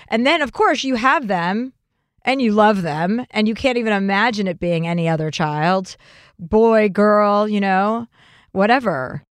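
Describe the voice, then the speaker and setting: A woman in her forties hosts a podcast in loose, joking chat. Her asides are animated and quick. The sound is dry and close, in a studio. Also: mid-range voice, no echo. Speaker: podcast host. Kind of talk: casual chat and ad reads.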